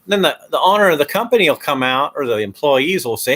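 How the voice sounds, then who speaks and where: Casual male host, rambly, restarts a lot, mid-pitched voice. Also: fast, few pauses, a bit bright. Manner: hesitant, many fillers and restarts. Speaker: video host.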